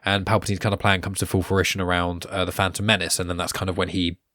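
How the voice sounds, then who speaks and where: A man's voice: low voice, level tone, fast talker, pushed and bright, dry recording, studio quality. A man co-hosting a podcast in casual chat, explaining at length with many fillers. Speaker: podcast co-host.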